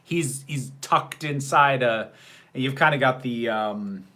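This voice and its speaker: A man's voice: mid-range voice, slow pace, bright, forceful tone. A man hosting a livestream, casually commenting on a film, answering chat questions and laughing often in a sarcastic tone. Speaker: livestream host reacting to a film.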